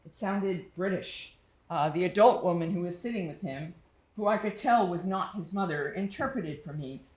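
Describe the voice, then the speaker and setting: A woman's voice: on the low side, normal speed, darkish tone. A woman performing a solo storytelling monologue on stage, tender and reflective, lingering on her words. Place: small studio theater stage. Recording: echoey theater room.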